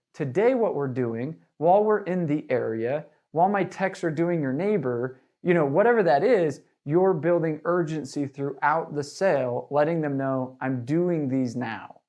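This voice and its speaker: Male sales trainer, slightly high voice, energetic, chatty with fillers.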